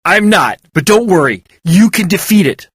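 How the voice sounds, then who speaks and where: A man's voice: high voice, animated, normal speed, a bit bright, breathy edge, no echo, pitched above the performer's own voice, heavily acted. A man voicing an insistent, raised-voice warner. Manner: insistent, urgent.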